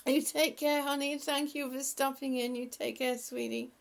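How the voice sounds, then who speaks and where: A woman's voice: high-pitched, steady tone, moderate pace, creaky. A woman hosting a casual live stream, chatting and laughing often as she greets viewers by name. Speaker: livestream host.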